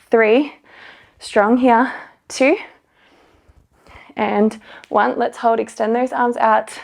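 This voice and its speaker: Woman, young adult, pilates instructor, upbeat counting, a bit breathless, gravelly. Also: fairly high pitch, a little mellow. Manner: upbeat counting and coaching, with light laughs. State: slightly out of breath. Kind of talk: workout instruction.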